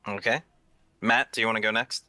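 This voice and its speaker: A man's voice: fairly low pitch, steady tone, a little fast, sharp tone, no echo. A man narrating a tabletop game as game master, hesitant and often repeating words.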